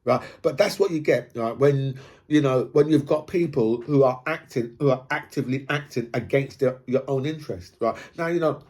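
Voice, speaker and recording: Husky man ranting casually. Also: mid-range voice, normal speed, a little mellow. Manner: rambling, swears, tags lines with "right?".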